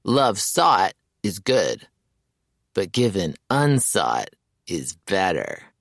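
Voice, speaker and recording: A man voicing a lovestruck young man who dreamily recites Shakespeare in a slow, theatrical way. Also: deep voice, wildly swooping pitch, gravelly, fairly bright tone, no room sound, studio quality, full character voice. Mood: swooning, dramatic.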